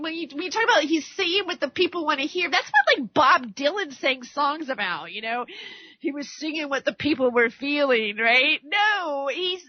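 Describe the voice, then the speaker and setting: A high-pitched woman hosting a radio talk show delivers a rambling, heated political rant, stammering and restarting her sentences. She acts out both sides of an argument by quoting others. The lo-fi radio sound is dry and slightly dull, with no echo.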